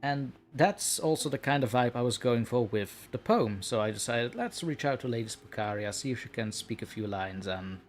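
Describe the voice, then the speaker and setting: A man hosting a live stream, chatting casually and laughing at himself. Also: mid-range voice. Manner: laughs often, self-mocking. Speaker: stream host.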